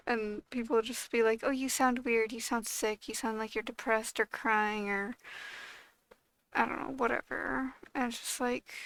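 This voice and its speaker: A young woman speaking casually to camera, her slightly high voice gravelly and low-energy, dragging slowly along. She rambles in frustration, stacking fillers and swear words. The sound is close and dry. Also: a bit bright, no room sound. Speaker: vlogger.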